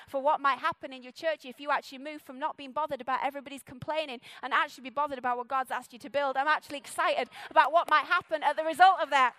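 A woman preaching a sermon in a church. She talks fast and sounds playful and full of energy. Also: sits high, steady tone, sharp tone, no echo, some chatter behind. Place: church stage.

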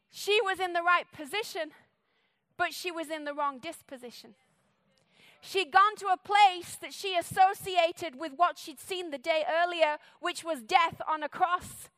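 A woman preaching a sermon in a church. She talks fast and sounds playful and full of energy. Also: very high-pitched, a bit bright, no room sound. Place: church stage.

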